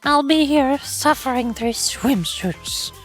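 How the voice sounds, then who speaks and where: A woman's voice: sits high, animated, slow pace, soft background music. A woman streaming a game, chatting playfully with dramatic sighs and complaints. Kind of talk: casual game-stream chat.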